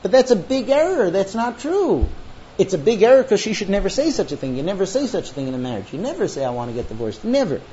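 A man's voice: high voice, fast talker, a little hiss or hum. A man teaching a class on marriage, telling stories and acting out the voices of husbands and wives. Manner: animated storyteller acting out quoted voices. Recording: dull lo-fi recording with faint ambience.

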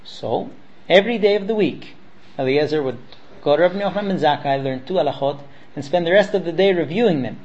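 A man's voice: fairly high pitch, a little fast, darkish tone, lo-fi sound. A man teaching students by retelling a story, acting out the characters with frequent fillers. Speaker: Torah teacher.

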